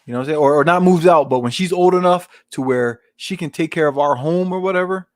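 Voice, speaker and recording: A man's voice: on the high side, fast, dry recording, studio quality. A man in his forties hosting his channel, giving casual rambling advice in street slang and often asking "you know what I'm saying". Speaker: channel host.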